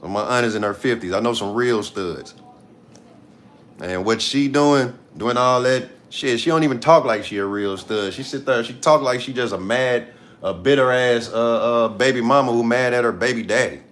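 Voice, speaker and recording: A man in his thirties rants on a livestream, blunt and profane, repeating himself for emphasis. His voice is medium-pitched and a bit bright, at a normal speed.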